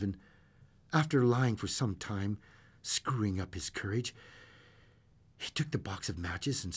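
Male storyteller, husky, very lively intonation, dramatic ghost-story reading. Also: mid-range voice. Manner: theatrical, swings from loud to hushed whispers.

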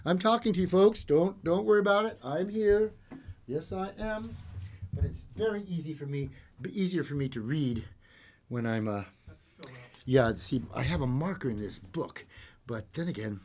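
A man's voice: fairly high pitch, lively intonation, normal speed, a little mellow. A man hosting a radio show, singing along to his guitar and chatting in a playful, rambling, self-mocking way. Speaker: radio host. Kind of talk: singing with guitar and casual chat. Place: radio studio.

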